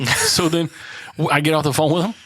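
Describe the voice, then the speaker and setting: A man's voice: a little high, a little fast, a bit bright, no echo. A man co-hosting a casual podcast, swearing a lot, laughing often and rambling through stories. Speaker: podcast co-host. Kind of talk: casual banter.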